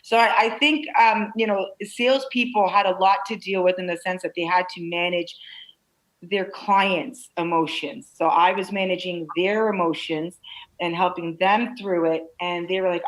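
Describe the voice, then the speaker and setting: A woman's voice: fairly low pitch, normal speed, low-quality recording. Candid woman telling stories in an interview. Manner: animated, candid storytelling with many restarts. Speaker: real estate broker owner. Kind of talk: conversational interview answer. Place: video call.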